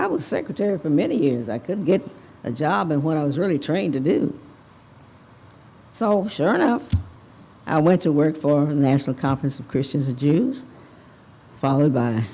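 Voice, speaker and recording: An older woman from Evanston, Illinois, giving a commencement speech, telling a personal story in a candid, animated way. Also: sits low, brisk, pauses often, breathy edge. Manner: candid, animated storyteller, talks straight to the audience. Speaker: commencement speaker. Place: banquet hall ceremony.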